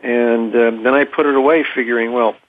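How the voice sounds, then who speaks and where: A man speaks in a middling voice, careful and unhurried, stopping often to find his words. The sound is thin and phone-like, as if heard over a narrow line. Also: mid-range voice, steady tone. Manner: thoughtful, measured, with frequent ums and pauses. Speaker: interview guest, clinician. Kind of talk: conversational explanation. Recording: tinny phone-like audio.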